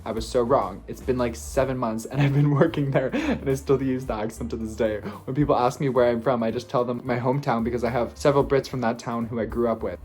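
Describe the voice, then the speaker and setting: A man hosting a video, reading posts aloud and reacting to them expressively, swinging between playful and hushed. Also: mid-range voice. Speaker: video host.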